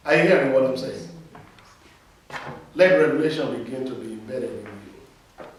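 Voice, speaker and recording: A man's voice: mid-range voice, lively intonation, moderate pace, a little hiss or hum. A male pastor preaching a sermon, emphatic and leading his congregation in call-and-response. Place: church. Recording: echoey hall, mic from far off.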